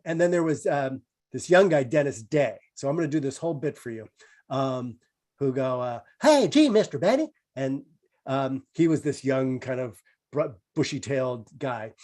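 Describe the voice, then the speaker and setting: Unhurried and a little mellow, the medium-pitched voice belongs to a male comedian guest making casual, rambling conversation on a video call, amusing himself and leaning on lots of fillers.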